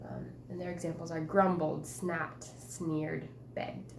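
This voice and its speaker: A woman's voice: sits low, flat delivery, slow, creaky, echoey room, a little hiss or hum. A woman teacher guiding a writing conference, chatty and encouraging, with many fillers.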